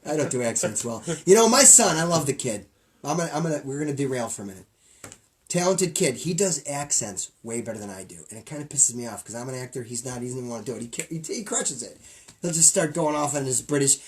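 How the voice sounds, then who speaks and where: A man's voice: mid-range voice, fast. A man from upstate New York co-hosting a podcast, joking and self-deprecating in casual banter. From New York State. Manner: animated, jokey, self-deprecating. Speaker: podcast co-host.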